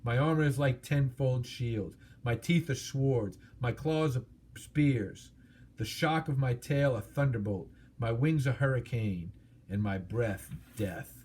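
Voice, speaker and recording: A man's voice: medium pitch, darkish tone, slight background noise, close to an everyday voice. Smaug, a man doing a gloating dragon. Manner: mocking, boastful, slow grand delivery. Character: huge old male dragon, proud, wily, gloating.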